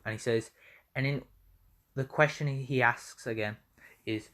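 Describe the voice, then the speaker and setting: A man's voice: medium pitch, steady tone, unhurried, long pauses, a bit bright. A young man retelling a fan story in a rambling, self-correcting way, swearing freely as he goes. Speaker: vlogger.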